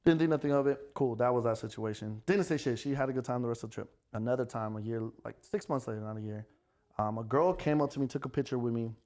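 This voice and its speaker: Brief: American man, rapid-fire casual podcast storyteller, salty language, mid pitch. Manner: fast, profane, animated storyteller. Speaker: podcast guest, club promoter.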